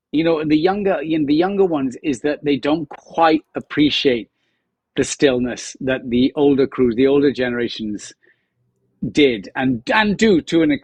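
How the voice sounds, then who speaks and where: A man's voice: a little high, slightly rough, dry recording. A man in his fifties, a guest actor chatting on a podcast, telling stories and acting out the lines of people on set. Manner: animated storyteller acting out quotes. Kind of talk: casual podcast chat.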